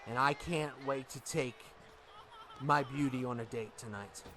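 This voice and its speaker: A man voicing a smug, scheming male heel announcer in a wrestling game video, speaking with slow, drawn-out gloating. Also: mid-range voice, a bit bright, a little hiss or hum, voice pushed down, lightly acted.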